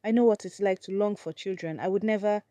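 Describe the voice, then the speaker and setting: A woman voicing a gentle, frightened young pregnant wife who speaks softly and pleads. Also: medium pitch, fast talker, clear, resonant tone, no echo, lightly acted. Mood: pleading. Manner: soft, pleading.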